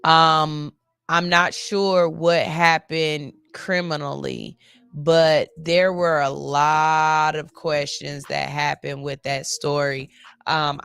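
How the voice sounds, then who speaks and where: A woman's voice: sits low, level tone, slow, vocal fry, a bit bright, clear, resonant tone, dry recording. A woman hosting a morning radio show, reading stories in a loose, chatty way and cursing casually. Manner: chatty, loose, curses casually, yawns between lines. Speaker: radio host. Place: cold studio.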